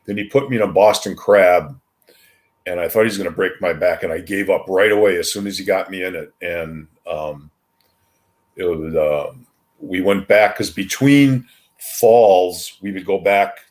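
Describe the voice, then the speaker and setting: Brief: older male guest with a very low voice, easygoing storyteller, lots of ums and false starts. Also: unhurried, a little mellow. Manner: rambling with frequent ums and restarts. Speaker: retired wrestler, podcast guest. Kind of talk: casual anecdotal storytelling.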